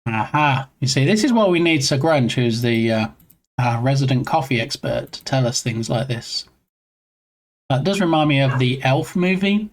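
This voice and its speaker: A man's voice: medium pitch, animated, moderate pace. Joking, rambling game dev streamer guy. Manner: rambling, joking, playful banter. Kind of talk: casual live-stream chat, reading chat. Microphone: own desk mic.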